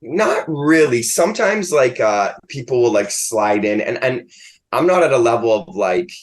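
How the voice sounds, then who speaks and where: A man's voice: medium pitch, very animated, moderate pace. A man, a comedian guest in a casual interview, rambling and filling his talk with "like". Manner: rambling, filled with "like".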